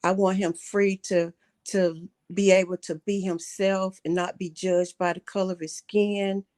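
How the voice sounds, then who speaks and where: A middle-aged woman calling in to a livestream talk show, speaking earnestly and haltingly, often repeating herself. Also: on the low side, little pitch movement, darkish tone. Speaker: caller.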